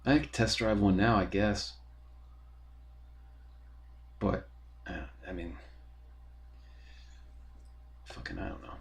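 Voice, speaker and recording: A man's voice: on the low side, slow, long pauses. A young man, talking in a rambling, profane, casual monologue full of fillers as a podcast host.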